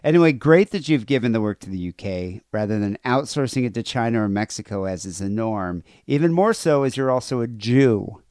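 A man's voice: medium pitch, expressive, brisk, hardly any pauses, darkish tone, clean tone, no room sound, clean studio sound. A man hosting a podcast in casual chat, rambling and crude, reading listener emails aloud. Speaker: podcast host.

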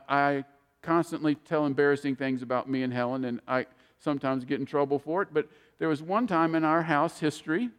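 A man's voice: a little high, smooth. An older man preaching a sermon in a folksy, storytelling way, acting out the people he quotes. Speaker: pastor. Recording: long hall reverb.

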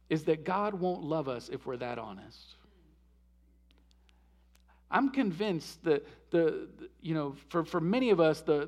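A male pastor preaching a sermon earnestly, often repeating words and restarting phrases, moving between loud urging and hushed, soft passages. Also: high-pitched.

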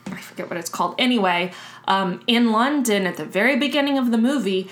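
A woman's voice: a little high, brisk. Chatty woman telling a history story. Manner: chatty storyteller, many fillers and restarts. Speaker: podcast co-host. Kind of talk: casual history chat.

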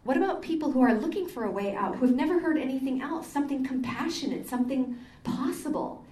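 Older nun speaker, slightly high voice, chatty storyteller, distant mic in an echoey hall. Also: female voice, fast talker, mellow. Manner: chatty, storytelling, frequent ums. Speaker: Catholic sister giving a talk. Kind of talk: conversational lecture with anecdotes. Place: meeting hall.

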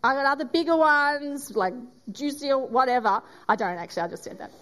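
A woman giving a sermon, telling a story and acting out its voices with dramatic pauses. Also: high voice, animated, a bit bright. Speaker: preacher.

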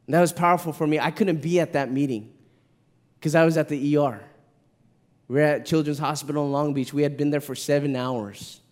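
A man's voice: steady tone, brisk, a little mellow. A middle-aged man, a pastor preaching a heartfelt sermon, earnest, stumbling and repeating words as he tells a personal story. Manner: earnest, repeats words when moved, rises to an impassioned pitch in the story.

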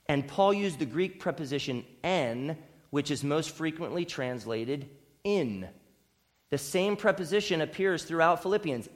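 A male pastor preaching a sermon, swinging between loud emphatic repetition and hushed, quieter asides. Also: sits high.

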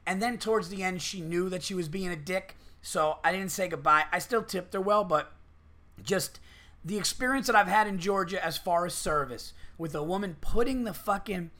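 Bright-voiced man, rambling profane stories. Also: high voice, normal speed. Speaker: podcast host. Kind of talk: casual podcast chat.

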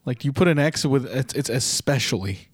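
A man co-hosting with teasing, wry banter, poking fun at his partner. His voice sits at an ordinary mid pitch. The sound is dry and close. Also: brisk, a little mellow, dry recording. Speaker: podcast co-host. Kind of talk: casual wrestling podcast chat.

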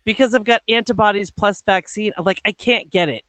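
A high-pitched man talking in a campy, emphatic way, casual chat with a lot of swearing. The sound is dry and close, with no room around it. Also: a little fast, a bit bright, no room sound. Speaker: co-host.

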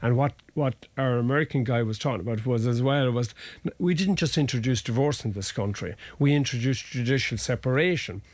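Digressive solicitor, dry close sound. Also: male voice, medium pitch, a little fast, few pauses, dry recording. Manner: anecdotal, explanatory, digressive. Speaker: family law solicitor. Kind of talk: conversational interview.

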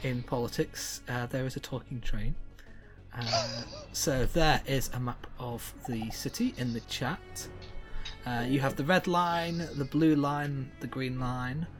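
A game master narrating a tabletop game with many pauses, hesitations and easy laughter. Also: mid-range voice, over loud music. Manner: rambling, lots of uhs, laughs easily.

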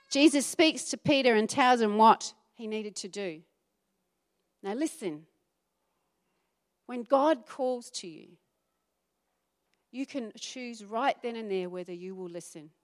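Woman pastor preaching an animated sermon. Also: on the high side. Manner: animated preaching, acting out quoted voices.

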